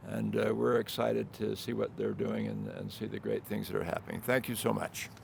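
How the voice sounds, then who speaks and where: An older man giving informal remarks at an outdoor groundbreaking, reminiscing in a halting way with many restarts. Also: fairly low pitch, flat delivery, gravelly, very noisy. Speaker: property developer speaking at event.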